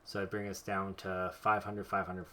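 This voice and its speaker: A young man commenting casually on his game, joking and thinking out loud. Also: low-pitched, monotone, normal speed, slight background noise. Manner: joking, chatty, thinks aloud. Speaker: streamer.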